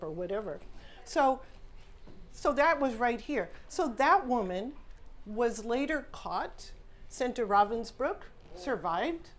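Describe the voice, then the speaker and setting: A woman's voice: fairly high pitch, animated, unhurried. Earnest woman author telling stories. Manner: earnest, conversational, many "you know" asides. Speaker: author speaking at a salon event. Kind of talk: casual storytelling talk. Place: event room, indoors.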